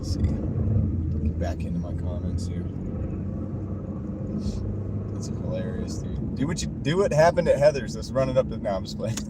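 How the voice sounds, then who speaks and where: A man live-streaming from his car while he drives, chuckling often as he reads and answers viewer comments. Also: on the low side. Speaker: livestreaming delivery driver. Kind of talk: casual live-stream chat. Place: inside a car while driving. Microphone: wireless clip-on mini mic. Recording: road noise from the moving car.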